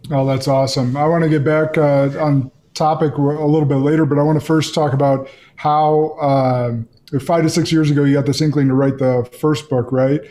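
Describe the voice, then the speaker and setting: A man's voice: a little high, flat delivery, normal speed, warm tone. A man hosting a podcast, asking friendly, reflective questions in a conversational interview. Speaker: podcast host.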